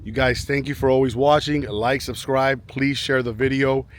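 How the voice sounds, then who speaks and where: A man's voice: mid-range voice, fairly even intonation, normal speed, slight background noise. A man chatting to camera outdoors in a residential neighborhood, rambling and often repeating himself as he restarts sentences. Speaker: vlogger. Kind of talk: casual chat to camera.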